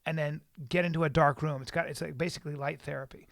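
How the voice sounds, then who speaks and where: A man's voice: on the high side, fairly even intonation, fast talker, gravelly, fairly bright tone, no echo. A man co-hosting a podcast in a studio, telling stories animatedly and swearing freely. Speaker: podcast co-host. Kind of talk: casual chat.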